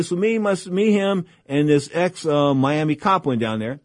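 A man's voice: on the high side, lively intonation, normal speed, no room sound. A middle-aged man hosting a boxing radio talk show, telling rambling stories in an emphatic, chatty, slangy way into a studio microphone.

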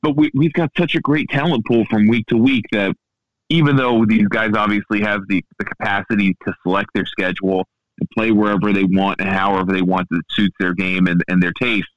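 A man from the Baltimore area chatting casually on a podcast, relaxed and full of fillers and restarts. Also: fairly low pitch, a little fast, no echo, highs cut off. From Baltimore area, USA. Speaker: golf podcaster and radio station founder.

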